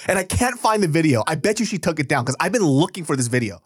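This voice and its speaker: A man's voice: on the high side, fast talker, slightly rough, no echo, clean studio sound. A man co-hosting a podcast in casual chat, teasing his friend and laughing often. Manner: teasing, laughs a lot, animated. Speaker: podcast co-host.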